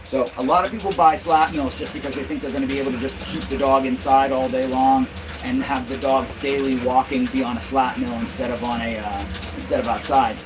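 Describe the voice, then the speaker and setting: A man's voice: mid-range voice, steady tone, a little fast. A man running a casual livestream from a van while exercising a dog, explaining things plainly to viewers and cooing praise to the dog in between. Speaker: dog exercise business owner. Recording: distant mic with loud background noise.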